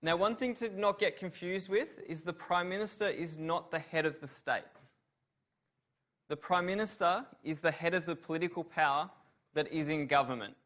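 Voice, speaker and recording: Male lecturer, slightly higher voice than most men, runs a revision class and quizzes students. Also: normal speed, a bit bright. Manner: quizzes students, praises answers. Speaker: law lecturer.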